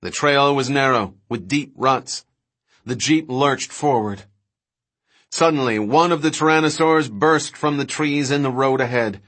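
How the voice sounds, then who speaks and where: A man narrating an audiobook in a steady, dramatic reading. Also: mid-range voice, measured pace. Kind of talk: scripted narration.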